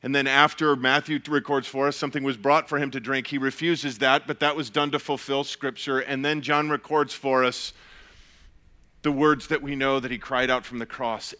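A pastor giving an earnest, measured sermon, often restarting his phrases. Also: mid-range voice, fairly even intonation, sharp tone.

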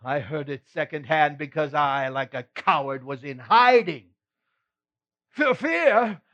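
A man with a bit-bright voice on the high side speaks at a slow pace with lively intonation. He takes the role of a remorseful apostle Peter, an earnest adult reproaching himself, and recounts his failings in an emotional first-person monologue with sighs and rueful laughs. The recording is slightly muffled.

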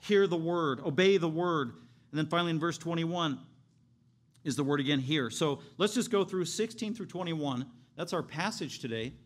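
Emphatic preaching man, fairly high voice. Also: moderate pace. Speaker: pastor. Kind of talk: sermon.

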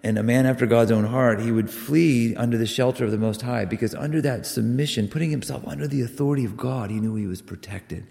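A man preaching a sermon, earnest and emphatic, with sudden loud rises on key words. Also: medium pitch, fast, gravelly, hardly any pauses. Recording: long reverb of a hall.

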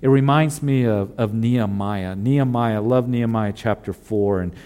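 A man's voice: on the low side, moderate pace, mellow, clear, resonant tone. A male pastor preaching a sermon in an earnest way, repeating emphatic refrains.

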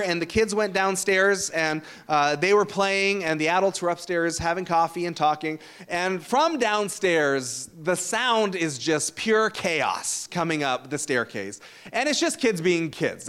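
Casting: male pastor, 30s, high clear voice, relaxed storytelling sermon. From Canada. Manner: storytelling, conversational with uh fillers.

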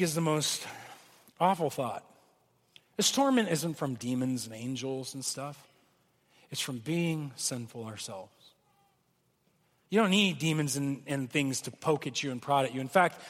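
Male pastor, earnest sermon delivery, high voice, recorded in a reverberant church hall. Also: a bit bright. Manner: earnest preaching, acts out pleading quotes.

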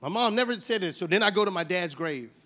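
Animated fifty-year-old man preaching. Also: quick pace. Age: 50s. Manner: animated storytelling with wide swings in pitch and volume. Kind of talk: sermon.

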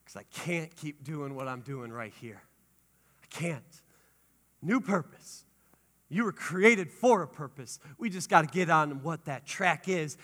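A male pastor preaching a sermon with lively energy, rising to shouts and dropping to hushed tones. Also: fairly high pitch, a little slow. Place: church sanctuary. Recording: long hall reverb.

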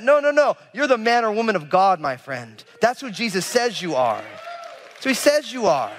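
A man preaching a sermon as a pastor, animated and conversational, acting out the people in the story with casual asides. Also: high voice, fairly quick, in a large hall. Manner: animated, acts out biblical figures with casual asides.

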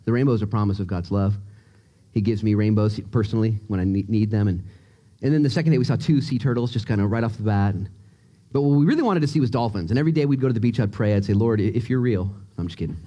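A male pastor preaching a sermon in a church, joking and excitable as he tells stories. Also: fairly low pitch, racing. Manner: animated, joking, excitable storyteller. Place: church sanctuary.

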